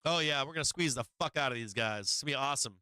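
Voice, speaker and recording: A man's voice: mid-range voice, racing, pushed and bright, smooth, no echo, poor audio. A man hosting a live market stream, swearing freely, laughing often and repeating himself as he walks through charts. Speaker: market livestream host.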